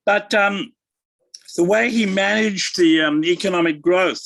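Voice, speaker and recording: An older male academic answering interview questions in a halting, thoughtful way, with many fillers and restarts. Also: high voice, a bit bright, no room sound, poor audio. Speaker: guest academic.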